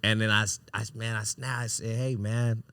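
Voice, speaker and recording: A man hosting a podcast, telling a wild personal story in a casual, animated, profane way, often breaking into laughter. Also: fairly low pitch, fairly quick, clear, resonant tone, no room sound, clean studio sound. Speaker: podcast host.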